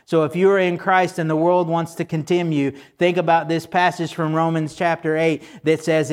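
A man preaching a sermon in a conversational way, turning to the congregation with asides and slowing down to stress the scripture he quotes. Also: on the high side, level tone, smooth. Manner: slows down for emphasis when quoting scripture. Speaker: pastor.

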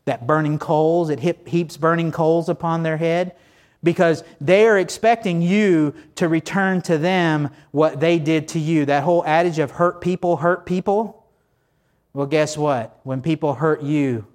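In a church, a pastor with a slightly high voice preaches a sermon to his congregation. He keeps it conversational and joking, tossing out many rhetorical questions.

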